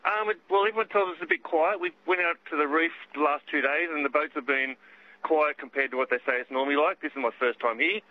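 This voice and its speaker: A man's voice: fairly high pitch, fast talker. An older Australian man calling in to a radio show, chatty and upbeat, saying mate a lot. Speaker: caller. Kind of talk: casual phone-in chat. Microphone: public phone box. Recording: lo-fi phone line.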